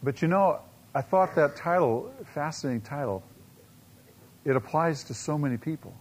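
A man preaching a sermon to a congregation, pressing his points with rhetorical questions, dramatic slow-downs and quiet asides. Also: on the high side, animated. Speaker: pastor.

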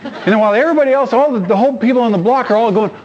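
A man's voice: extremely high pitch, very fast, a little hiss or hum. A man preaching a sermon, telling stories with acted-out voices and asking rhetorical questions. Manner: animated storytelling, acts out voices, rhetorical questions. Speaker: pastor. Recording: dull lo-fi sound.

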